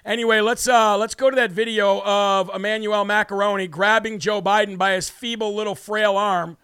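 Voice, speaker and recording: A man's voice: high-pitched, steady tone, moderate pace, pushed and bright, clear, resonant tone, dry recording, clean studio sound. A man hosting a political talk show, delivering a brash, mocking, ranting monologue.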